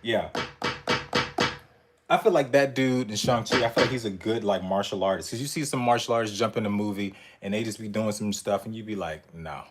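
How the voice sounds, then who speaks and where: A man's voice: fairly low pitch, brisk, faint music behind. A man chatting casually on a live stream as he reacts to movie clips, swearing a lot and laughing often. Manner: profane, animated, laughing often. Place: indoors in front of a screen.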